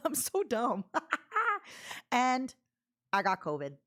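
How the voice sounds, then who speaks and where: Lively chatty woman streamer. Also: a little high, drawn-out words. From Canada. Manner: chatty, animated, laughs often, reads chat aloud. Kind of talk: casual livestream chat.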